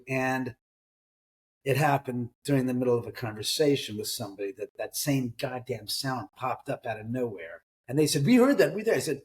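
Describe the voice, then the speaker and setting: A middle-aged man, an author, telling ghost stories in a casual interview, acting out quoted voices and swearing now and then. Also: medium pitch. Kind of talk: conversational storytelling in an interview.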